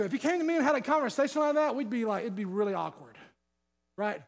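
A man preaching from the pulpit in a strikingly high voice. He is fired up and sweating, hammering the room with rhetorical questions and repeating phrases as he drives his point home. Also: lively intonation, fast. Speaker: pastor. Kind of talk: sermon.

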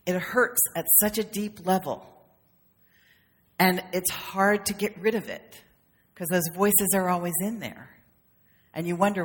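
A woman's voice: fairly low pitch, fairly even intonation, measured pace, pauses often. A woman minister giving a conversational, humorous sermon, with playful acted asides. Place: church sanctuary. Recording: long reverb of a sanctuary.

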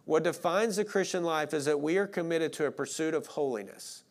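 A male pastor from with a drawl preaches in a relaxed, conversational way. He speaks bluntly and fills his sentences with "like". His voice sits a little higher than most men's. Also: brisk. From Arkansas. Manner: casual, blunt, frequent "like" fillers. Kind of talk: conversational sermon.

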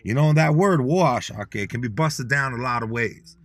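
A man's voice: mid-range voice, animated, normal speed, no echo. A man giving a casual motivational talk, slangy and repetitive, coaching listeners to repeat words with him. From Dakota people. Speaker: motivational speaker teaching Dakota words.

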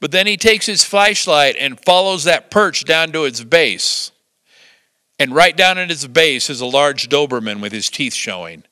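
An older man preaching with a high, bright, forceful voice that rises and falls a great deal. He tells lively stories with chuckles along the way. The sound is close and dry. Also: measured pace, dry recording. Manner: lively storytelling with chuckles and acted-out quotes. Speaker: pastor. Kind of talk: sermon.

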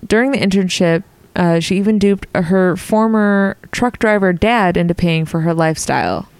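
Woman on a podcast reading an article off her phone, trips over words a lot, lowish smooth voice, dry close sound. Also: moderate pace, darkish tone, no room sound. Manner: stumbles and restarts over words while reading. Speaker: podcast co-host. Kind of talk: reading a news article aloud, casual chat.

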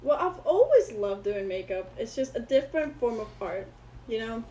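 A fairly high-voiced woman, a native Spanish speaker, chats as an interview guest. She rambles through her stories and slips into voices for the people she quotes. A faint hiss sits under the recording. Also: big pitch swings, moderate pace, dark tone, low-quality recording. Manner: rambling storyteller who acts out quoted people. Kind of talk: casual interview chat.

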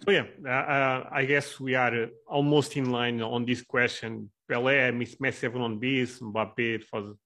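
A man's voice: medium pitch, steady tone, moderate pace, hardly any pauses, sharp tone. Hesitant man hosting a podcast chat. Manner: hesitant, many restarts and fillers. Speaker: podcast host. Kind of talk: casual podcast interview.

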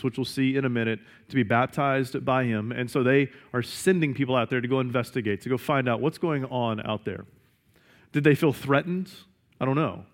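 Male pastor, sermon, reads scripture then explains it, rhetorical questions. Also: medium pitch.

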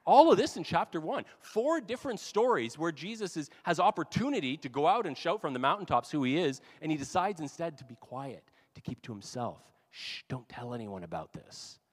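A man's voice: a little high, very animated, brisk, few pauses. A man preaching a sermon as pastor, talking in a casual, conversational way with asides. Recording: long hall reverb.

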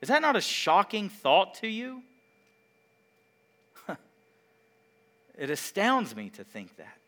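A man preaching a sermon, asking the congregation questions and swinging between loud emphasis and quiet, drawn-out words. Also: high voice, wildly swooping pitch. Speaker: pastor.

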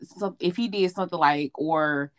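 A woman co-hosting a casual chat, telling animated and profane stories about her relationships. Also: deep voice, moderate pace. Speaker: podcast co-host.

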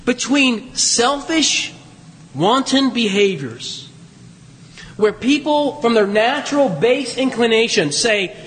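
A male pastor preaches in a church sanctuary with a high, husky voice. He keeps the sermon conversational and teases the congregation now and then. His voice rings with a long, hall-like reverb. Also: lively intonation, slow, a bit bright. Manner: conversational, teasing asides to the congregation.

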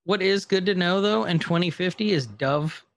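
A man's voice: sits high, moderate pace, no echo. A man casually recapping a TV episode on a podcast, retelling scenes and quoting the characters as he goes. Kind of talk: casual chat.

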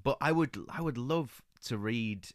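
A man's voice: mid-range voice, a little slow, no room sound, clean studio sound. A man co-hosting a podcast, chatting casually and enthusiastically about books, with lots of fillers and restarts. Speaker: podcast co-host. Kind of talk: casual book-club chat.

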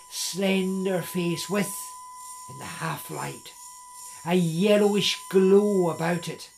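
Slow, measured male storyteller. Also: sits high, gravelly. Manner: slow, measured, with small restarts. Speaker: narrator. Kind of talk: storytelling narration.

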